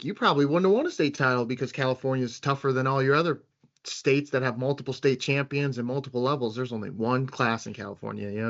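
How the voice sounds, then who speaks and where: A man hosting an interview, asking long, chatty questions in a relaxed way. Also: medium pitch. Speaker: interview host. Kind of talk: casual interview. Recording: dull lo-fi sound.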